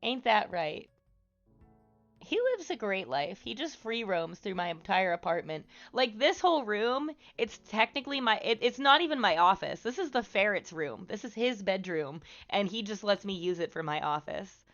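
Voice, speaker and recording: A woman live streaming from the office room of her apartment over a headset mic, chatting slowly and softly with viewers and cooing to her pet. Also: medium pitch, big pitch swings, lo-fi sound. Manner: slow, soft-spoken and chatty, cooing baby talk to her pet. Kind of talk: casual live-stream chat. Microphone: headset microphone.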